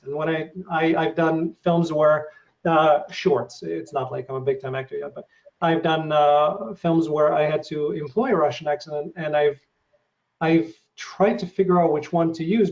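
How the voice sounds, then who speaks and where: A man's voice: fairly high pitch, a little mellow, recorded from a distance, rough recording. A man hosting an interview with a non-American accent, speaking hesitantly with many fillers. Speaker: podcast host, aspiring actor. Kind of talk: casual interview chat.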